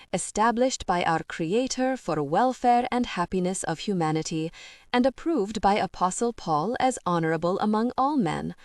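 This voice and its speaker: A woman playing a short, kind older male reverend with a thick foreign accent, speaking in a slow, solemn liturgical way. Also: high-pitched, dry recording, studio quality.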